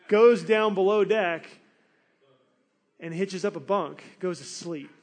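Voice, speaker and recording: A man delivering a sermon with a high, light voice. He tells the story in a casual, animated way and keeps slipping into acted-out quotes. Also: slow pace. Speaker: pastor.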